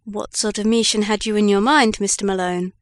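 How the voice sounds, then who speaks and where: A woman voicing a kindly old male news editor in an audiobook, read in a measured way. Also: medium pitch, steady tone, no echo, close to an everyday voice.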